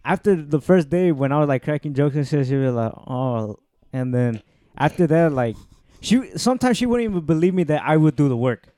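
A man's voice: on the high side, expressive, brisk, dark tone, no echo, studio quality. Young man telling rambling stories. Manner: rambling storytelling with restarts. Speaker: podcast co-host. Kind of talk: casual chat.

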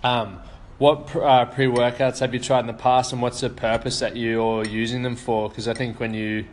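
A man leaving a relaxed, hesitant voice message for a podcaster, asking a question with frequent fillers. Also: medium pitch, moderate pace, slight background noise. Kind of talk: casual voice message.

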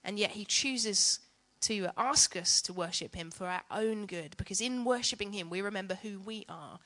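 A woman's voice: medium pitch, moderate pace, sharp tone. Chatty woman teaching on worship. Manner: chatty and self-mocking, with asides. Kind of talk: teaching talk to church leaders.

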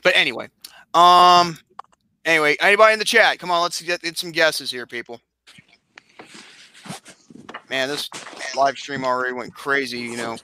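Guy cohosting a livestream podcast, joking around, pushing the chat for guesses, crisp bright tone. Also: fairly high pitch, steady tone, moderate pace, long pauses, a little hiss or hum. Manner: upbeat, coaxing the chat, joking asides. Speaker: podcast co-host. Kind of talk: casual live-stream chat.

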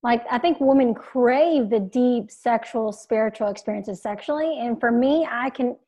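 A woman's voice: a little high, moderate pace, warm tone. A woman hosting a podcast interview, chatting casually and agreeably, often restarting her sentences. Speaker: podcast host and coach.

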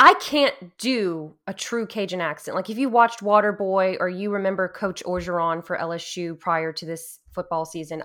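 A woman from Louisiana, co-hosting a casual chat about a video game, telling stories in an animated way and laughing often. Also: lowish voice. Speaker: podcast co-host.

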